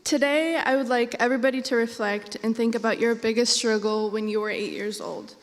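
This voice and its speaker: Bright-voiced young woman telling a story. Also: on the high side, brisk. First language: Spanish. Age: young adult. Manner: animated, acts out dialogue. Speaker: student storyteller. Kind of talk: personal storytelling on stage. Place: college stage. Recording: reverberant hall.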